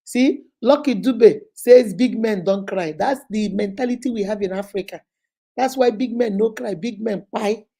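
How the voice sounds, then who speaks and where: A woman's voice: mid-range voice, moderate pace, breathy edge. A middle-aged woman with a Nigerian accent hosting a casual talk show, talking emphatically and slipping into Pidgin. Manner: emphatic, animated, mixes in Pidgin. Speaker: host.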